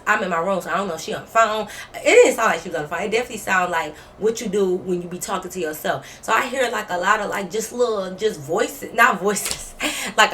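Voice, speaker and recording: A woman vlogger telling a story in casual storytime style, animated and profane, acting out quoted dialogue. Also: medium pitch, a little hiss or hum.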